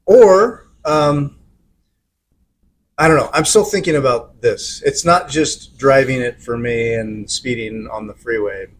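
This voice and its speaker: A man's voice: medium pitch, measured pace, slight background noise. Hesitant man musing aloud. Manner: hesitant, self-searching. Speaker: podcast host. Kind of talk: casual chat.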